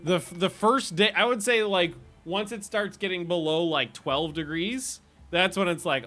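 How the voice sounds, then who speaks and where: A man's voice: sits high, normal speed, few pauses, sharp tone. A man casually chatting with viewers while streaming a game, rambling and laughing often.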